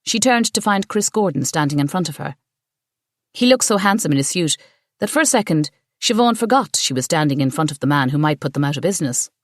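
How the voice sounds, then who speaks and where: Low-voiced woman narrating an audiobook. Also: animated, fairly quick, no echo, studio quality. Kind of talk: scripted narration.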